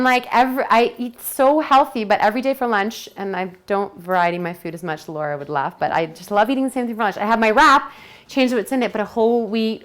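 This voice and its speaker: A woman's voice: on the high side, a bit bright. A woman presenting a detox program to a group, talking chattily and enthusiastically and acting out her own quotes.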